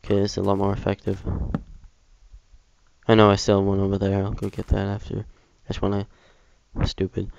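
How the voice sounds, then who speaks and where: Low-voiced young man playing a game. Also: brisk, gravelly, no echo, lo-fi sound. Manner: chatty, self-mocking, excitable outbursts. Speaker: Let's Play gamer. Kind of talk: casual gameplay commentary.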